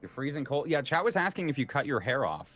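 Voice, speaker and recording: A man's voice: a little high, faint music behind. A man with the flu, a game master casually chatting and laughing with his players before a livestreamed tabletop session. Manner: chatty, animated, quick to laugh. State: sick with flu.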